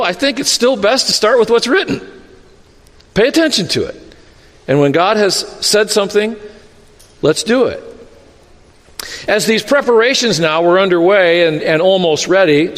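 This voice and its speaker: A man preaching a sermon as pastor, telling a Bible story with lively acted-out quotes and asides. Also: high-pitched, big-room sound.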